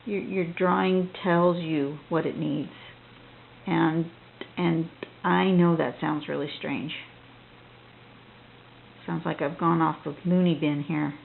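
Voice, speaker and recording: A woman with a lowish, gravelly voice chats her way through a drawing lesson, thinking aloud and often restarting her sentences. The sound is thin and tinny, like a phone line, with a faint hiss underneath. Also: steady tone, slow pace, pauses often. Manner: chatty and rambling, with frequent restarts. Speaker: drawing instructor.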